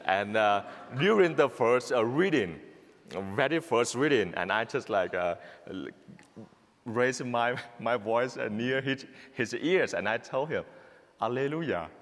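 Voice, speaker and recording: A young Vietnamese man with an accent, a priest telling a personal story in a homily, halting, with many restarts and fillers. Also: mid-range voice, expressive, in a large hall. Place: church.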